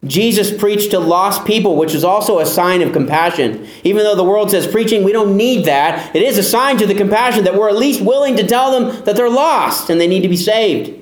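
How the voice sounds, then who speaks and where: A man's voice: high-pitched, brisk, few pauses, echoey room. A man preaching a sermon as pastor, emphatic, asking the listeners pointed rhetorical questions.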